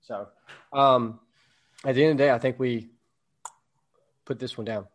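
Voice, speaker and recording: A man's voice: mid-range voice, fairly even intonation, normal speed. A man co-hosting a podcast, talking through ideas in a rambling, reflective way during casual chat. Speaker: podcast co-host.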